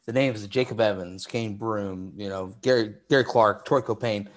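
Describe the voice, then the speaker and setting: A man with a lowish voice hosts a casual sports podcast at a normal speed. He asks long, rambling questions and repeats phrases while working them out.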